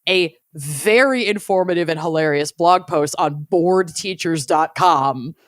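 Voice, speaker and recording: A woman's voice: sits low, a little slow, no echo, studio quality. A young adult woman co-hosting a casual true crime podcast, chatty and wry, often laughing as she talks. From Minnesota. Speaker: podcast co-host.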